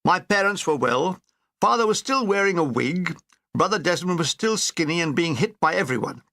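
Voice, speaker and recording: A man's voice: high voice, animated, normal speed, pushed and bright, dry recording. A man reading a wartime memoir aloud in a dry, wry comic manner. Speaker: narrator.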